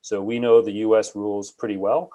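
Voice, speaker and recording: A man with a Canadian accent, an insurance broker, introducing himself on a live panel in a relaxed way with many fillers. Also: on the low side, a little fast.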